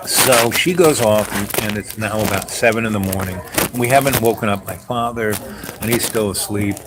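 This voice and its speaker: Older guy rambling through a story, lots of ums, lowish voice, loud hiss and clicks. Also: normal speed. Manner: rambling, filler-heavy. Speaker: host.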